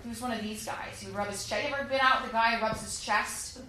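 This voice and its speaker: A woman's voice: on the high side, fairly even intonation, quick pace, bright, forceful tone, slight background noise. A woman performing a chatty, self-deprecating stand-up set on a club stage, acting out quotes with laughs. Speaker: stand-up comedian. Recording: echoey club room.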